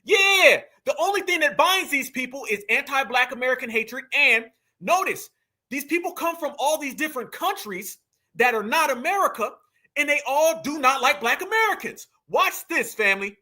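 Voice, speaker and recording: A man's voice: very high-pitched, expressive, moderate pace, sharp tone. A man hosting commentary, talking heatedly and preachily, often calling his listeners family. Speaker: commentary channel host. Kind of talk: heated commentary reacting to a clip.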